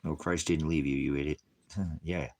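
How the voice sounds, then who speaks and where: A man with an extremely deep voice delivers a rambling online sermon. He answers his viewers in a mocking, combative way, swears freely and keeps breaking into chuckles. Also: steady tone, normal speed, a little mellow, a little hiss or hum. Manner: chuckles often between remarks. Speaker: online preacher. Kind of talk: ranting livestream sermon answering comments.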